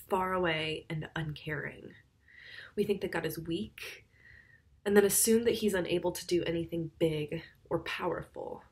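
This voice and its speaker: A woman giving a conversational youth sermon, with wry, sarcastic asides. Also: on the low side.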